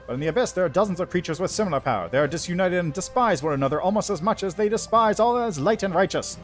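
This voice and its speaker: A man's voice: a little high, very animated, brisk, faint music behind. Man putting on a grand old angel herald. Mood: solemn. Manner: mock French-accented 1960s sci-fi voice. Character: solemn ancient male angel herald.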